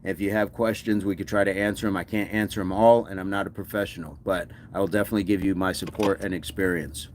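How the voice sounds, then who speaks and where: A man's voice: low-pitched, fairly even intonation, quick pace, few pauses, slight background noise. A man hosting a fitness livestream, chatting casually and answering viewer comments with encouragement.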